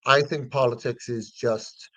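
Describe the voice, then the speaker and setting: A middle-aged man from the north of Ireland speaks with a Northern Irish accent, easy and conversational, circling his points with fillers and false starts. His pitch sits in an ordinary middle range. The sound is dry and close, with no room around it. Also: fairly even intonation, unhurried, pushed and bright, no room sound, muffled recording. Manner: rambling, with many fillers and restarts. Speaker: comedian guest. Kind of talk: casual interview chat.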